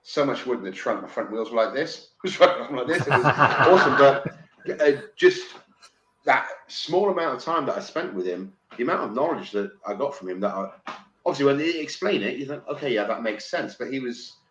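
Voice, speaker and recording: A man from England chats on a podcast, excitable and quick to swear, often tripping over his words and starting again. His voice sits at an average pitch. The recording has a roomy echo and a faint hiss behind it. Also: dull audio. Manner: excitable, swears freely, stumbles and restarts. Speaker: podcast guest. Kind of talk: casual podcast chat.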